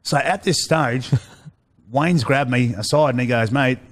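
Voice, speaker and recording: A man's voice: mid-range voice, unhurried. A middle-aged Australian man telling stories as a guest in a casual chat, rambling with many fillers and restarts. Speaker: guest, former rugby league player.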